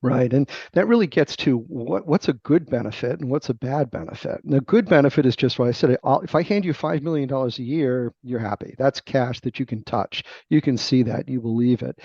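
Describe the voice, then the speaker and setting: A middle-aged man with a gravelly voice, a guest author explaining sales ideas in a teacherly, emphatic interview manner. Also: mid-range voice, dark tone, no room sound. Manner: emphatic, teacherly, checks in with "right?". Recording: dull lo-fi dry remote audio.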